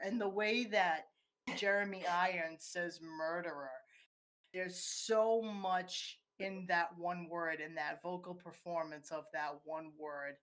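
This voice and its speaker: Woman, lowish voice, casual film chat, detailed scene retelling. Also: fairly bright tone. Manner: retells scenes in detail, acting out quoted lines.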